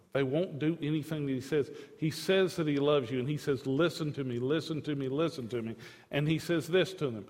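A man preaching a sermon with passion, swinging between loud declarations and hushed pleading. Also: on the high side, long reverb tail.

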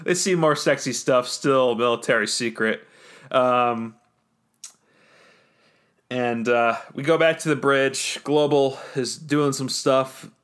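A man's voice: mid-range voice, takes it slowly, fairly bright tone, clean tone. Man narrating a tabletop game. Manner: rambling, full of fillers and restarts. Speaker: game master.

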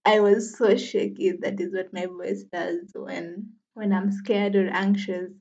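A woman's voice: medium pitch, flat delivery, a little slow, vocal fry, darkish tone. Chatty young woman podcaster, lo-fi sound. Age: 20s. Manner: chatty, laughs often, self-deprecating. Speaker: podcast host. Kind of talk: casual solo podcast chat.

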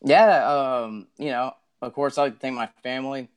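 A man's voice: mid-range voice, fairly even intonation, normal speed, smooth. A young man as a guest on a casual podcast, modest and full of fillers like you know and um. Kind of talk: casual interview talk.

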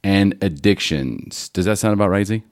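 A man's voice: sits low, expressive, moderate pace, darkish tone. A man hosting a podcast, chatty and jokey, introducing a guest in a loose conversational way. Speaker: podcast host. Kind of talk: casual conversational interview.

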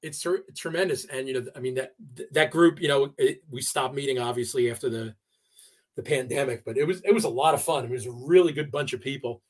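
A man being interviewed on a podcast, telling a personal story in a casual, halting way with many fillers and restarts. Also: mid-range voice. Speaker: podcast guest. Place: New York area.

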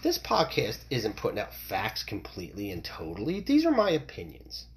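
A middle-aged man from the United States rants on his own podcast. His pitch swings widely as he talks. He is heated and profane, and he keeps restarting his sentences. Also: huge pitch swings, normal speed. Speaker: podcast host. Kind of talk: opinionated solo podcast rant.

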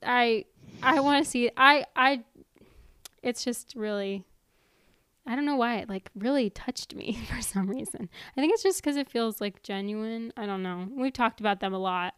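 A woman's voice: on the high side, normal speed, fairly bright tone, smooth, dry recording, studio quality. A woman co-hosting a podcast, chatting casually and emotionally about a TV show and agreeing often. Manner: emotional, agreeable, lots of backchannel. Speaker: podcast co-host. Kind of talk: casual chat reviewing a TV show.

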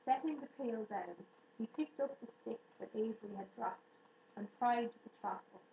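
A woman's voice: a little high, normal speed, highs cut off. Woman reading a storybook aloud. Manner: steady, even storytelling. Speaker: narrator. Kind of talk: audiobook reading. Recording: roomy room echo, faint hiss.

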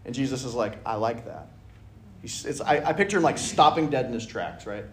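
An enthusiastic man leads a relaxed Bible study discussion, jumping in to act out lines from scripture. His voice sits in a middle register. The recording has a roomy church-hall echo. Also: mid-range voice, brisk. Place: church meeting room. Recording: roomy room sound.

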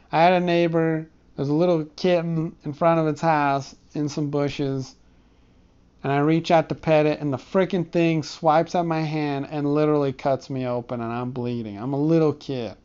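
Man in a dark room doing a loose comic monologue. Smooth voice, rambling and profane, slightly muffled audio. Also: on the high side. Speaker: comedic storyteller.

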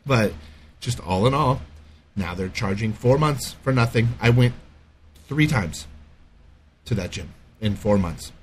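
Profane, animated middle-aged man ranting. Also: lowish voice, measured pace, long pauses, slight background noise. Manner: profane, animated storytelling rant. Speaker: podcast co-host. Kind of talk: casual chat.

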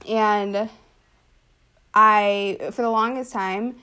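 A woman's voice: mid-range voice, steady tone, drawn-out words, pushed and bright, clean tone. A young woman telling a personal story in casual conversation, chatty and full of fillers, laughing now and then. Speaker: older sister telling her story.

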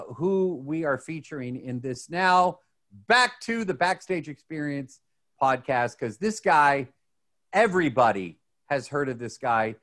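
A man, co-hosting a podcast in casual chat. He talks excitably and rambles, with many restarts. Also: mid-range voice. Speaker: podcast co-host.

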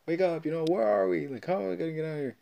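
Man putting on a feisty young woman fighter, shrill high voice, scolding, indignant. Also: very fast, gravelly, dull audio. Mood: startled.

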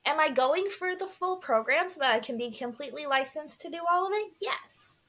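Bright-voiced young woman in candid chat. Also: high-pitched, lively intonation, fairly quick. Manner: earnest, candid, many restarts and "like" fillers. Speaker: podcast co-host. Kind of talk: casual chat.

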